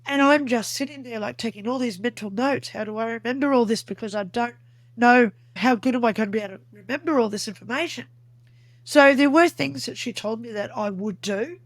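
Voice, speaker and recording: A woman's voice: on the high side, a little fast, no room sound. A woman guest on an interview podcast, earnestly recounting a personal experience in vivid detail. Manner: earnest, vivid storytelling that acts out remembered dialogue.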